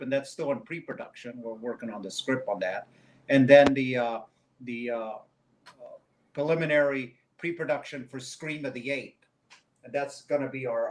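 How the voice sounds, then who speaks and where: A man in casual chat about his fan film projects, talking in a rambling, animated way. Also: mid-range voice. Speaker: fan filmmaker guest.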